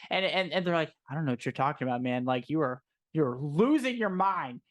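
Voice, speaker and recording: A man's voice: on the high side, expressive, a little fast. A man in his thirties co-hosting a movie stream, talking in casual chat with a sarcastic, teasing manner. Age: 30s. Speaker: co-host.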